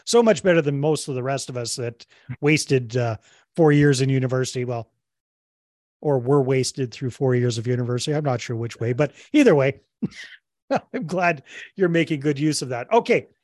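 A man's voice: mid-range voice, normal speed, a little mellow, no echo, studio quality. A man hosting a podcast interview in casual, upbeat chat, joking at his own expense. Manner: upbeat, self-deprecating, jokey. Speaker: podcast host.

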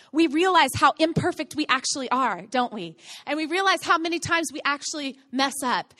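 A woman's voice: high-pitched, a bit bright. A woman in her thirties, a pastor preaching a sermon, earnest and building to emphatic repetition.

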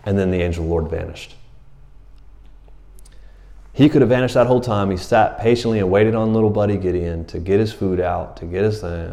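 A middle-aged man preaching a sermon, telling a story in a casual, animated way with slang and laughs. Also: sits low, fairly quick. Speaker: pastor.

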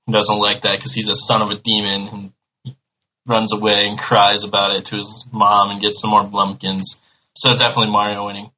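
Male panelist, low flat pitch, bright tone, offhand mocking humor. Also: a little fast, slight background noise, poor audio. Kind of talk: casual podcast banter.

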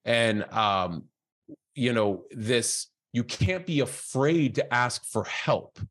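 A man as a podcast guest, telling a personal story in an animated, conversational way, with many fillers and quoted dialogue acted out. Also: medium pitch, takes it slowly.

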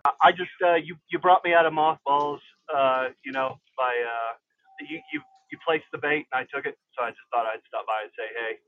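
A man calling into a talk show, chatting casually with a dry, deadpan humor. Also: medium pitch, brisk, no room sound. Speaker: caller. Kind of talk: casual chat. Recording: dull lo-fi call line.

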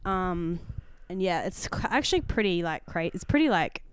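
A woman's voice: lowish voice, normal speed, clear, resonant tone. A young Australian woman co-hosting a podcast, chatting casually and telling stories full of "like" and "um". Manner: chatty, animated storytelling with acted-out quotes; frequent "like" and "um" fillers. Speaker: podcast co-host. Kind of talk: casual chat.

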